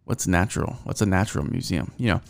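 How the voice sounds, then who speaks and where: A man's voice: sits low, fast, vocal fry. A young man hosting a solo podcast, rambling and swearing, with many fillers and restarts. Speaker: podcast host. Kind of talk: casual solo podcast rant.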